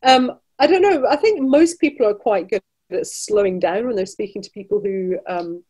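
A woman's voice: mid-range voice, moderate pace, warm tone, breathy edge. A Scottish woman, a travel business director, chatting as a guest in an interview, often restarting and laughing between points. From Scotland. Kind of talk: casual interview chat.

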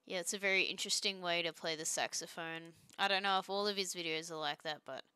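A young woman streams and chats casually while she draws pixel art, joking and rambling with trailing restarts. Her voice is bright and crisp. She is recorded close on a dry mic. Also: on the low side, steady tone, fast, no room sound.

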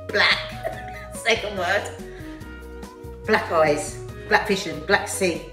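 A woman's voice: lowish voice, slow, distant mic. A woman hosting a family video, guessing charades aloud and often laughing. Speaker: host playing charades. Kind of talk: casual family chat. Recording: echoey room, mic from afar, music behind.

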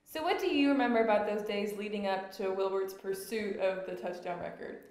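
A woman's voice: medium pitch, fairly quick, darkish tone. A young woman, a student interviewer, asking an alum questions in a friendly, chatty way. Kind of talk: casual interview. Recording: very echoey room.

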